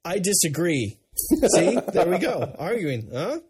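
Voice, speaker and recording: Podcast co-host from the States, a man with a warm, slightly husky voice who restarts his sentences a lot. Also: high-pitched, sing-song, unhurried. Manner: rambling, many restarts. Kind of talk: casual chat.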